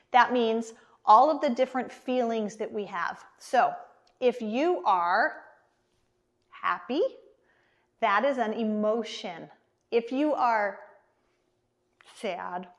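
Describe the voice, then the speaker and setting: American preschool teacher lady, kinda high voice, slow and encouraging with little kids. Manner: slow, encouraging, speaks to small children. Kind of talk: online preschool lesson.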